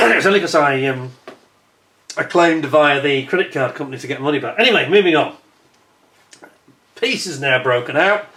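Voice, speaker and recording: Ranting man with a bright voice. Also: medium pitch. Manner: indignant ranting storyteller, lively and exasperated. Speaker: travel vlogger. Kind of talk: voice-over narration of holiday footage.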